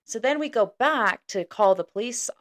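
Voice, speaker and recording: A woman's voice: a little high, animated, normal speed. A woman who is a guest on a podcast, talking in a casual, supportive way. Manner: supportive, chatty, laughs easily. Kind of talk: casual chat.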